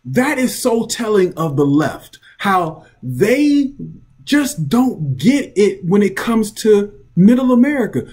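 Husky, lively-voiced man ranting. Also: high-pitched, slow pace. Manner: blunt, profane, mocking, laughs often. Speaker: vlog commentator. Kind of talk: casual opinion rant. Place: at home.

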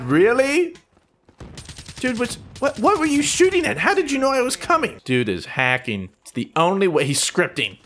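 A man giving jokey, self-mocking commentary over his own shooter gameplay, often shouting in surprise. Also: high-pitched. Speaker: gaming YouTuber.

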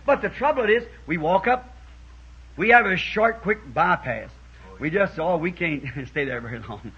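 A man preaching a sermon to a church congregation in a folksy storytelling way, acting out quoted voices and building up to shouts, on a dull 1960s tape. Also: high-pitched, animated, normal speed, slightly rough.

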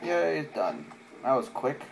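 Slow sarcastic male game commentator. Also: medium pitch, creaky, background noise. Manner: sarcastic, deadpan asides. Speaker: let's play commentator. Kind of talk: casual gameplay commentary. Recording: game music playing behind.

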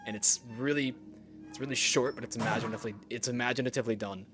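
A young man hosting a let's play, chatting excitably and swearing casually as he plays. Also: mid-range voice, quick pace, music in the background. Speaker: gaming video host.

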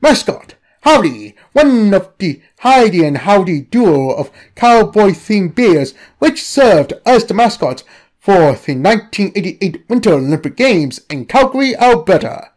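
Lively narrator reading anomaly files. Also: medium pitch, unhurried. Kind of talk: comedic scripted narration of an anomaly file.

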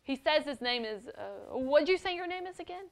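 A big, gruff leader on horseback speaks in short, commanding lines, played by a woman telling a children's story. His voice stays a little high. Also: expressive, normal speed. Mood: addressing. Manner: curt, commanding.

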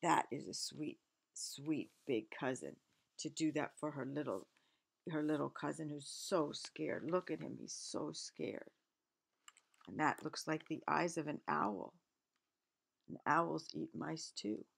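A woman reading a picture book aloud, stopping often in a gentle, expressive way to explain the pictures. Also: sits low, takes it slowly, gravelly, husky.

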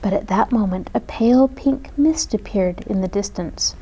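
Gentle woman reading a storybook aloud. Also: mid-range voice, moderate pace, highs cut off, a little hiss or hum.

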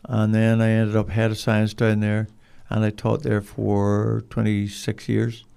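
An older man with a Northern Irish accent, telling rambling, animated stories as an interview guest. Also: fairly low pitch, unhurried, gravelly, smooth. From Northern Ireland. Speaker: guest, dog trainer. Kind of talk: casual storytelling.

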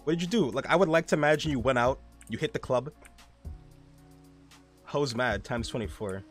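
A man's voice: medium pitch, normal speed, soft background music. A young man streaming a game live, rambling casually, reading chat aloud and swearing often.

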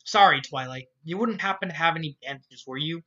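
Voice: medium pitch, a little fast, bright, forceful tone, highs cut off, close to an everyday voice. A reader voicing a refined, dramatic young lady pony from a fan story, genteel and calling others darling. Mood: anxious, polite. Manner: genteel, says darling and dear.

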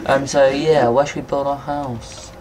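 A young man giving casual, rambling let's-play commentary, excitable and swearing at monsters. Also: mid-range voice, unhurried, background noise. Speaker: gameplay commentator.

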